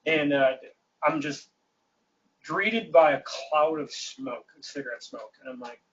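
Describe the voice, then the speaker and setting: A man's voice: on the high side, measured pace. A man telling a long, funny story in casual chat, laughing as he goes and acting out the voices of the people in it. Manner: animated, laughs through his story, acts out quoted voices. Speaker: guest. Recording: distant, dull livestream audio.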